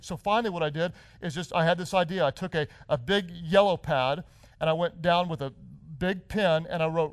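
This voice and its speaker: A middle-aged man preaching a sermon in a notably high voice. He tells his story with stumbles and repeated words, then builds into a rousing, rhythmic cadence. The sound is dry and close, with no room echo. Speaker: pastor.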